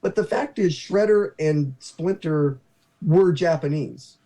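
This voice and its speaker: A man hosting a casual talk show, rambling and halting with many restarts. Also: a little high, dark tone. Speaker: podcast host. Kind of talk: casual chat.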